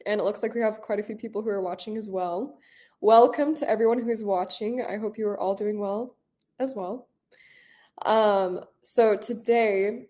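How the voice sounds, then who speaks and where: A woman's voice: mid-range voice, dark tone. A woman teaching a live online English class, upbeat and encouraging as she talks to her students.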